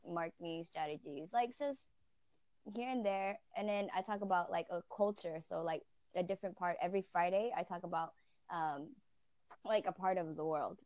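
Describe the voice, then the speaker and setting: A woman's voice: lowish voice, normal speed, a little mellow, dry recording. A woman from Houston chatting casually as a fellow radio host, with lots of "like" and "um" fillers. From Houston, Texas. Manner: chatty, many "like" and "um" fillers, laughs often. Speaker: internet radio station host, guest. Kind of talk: casual chat.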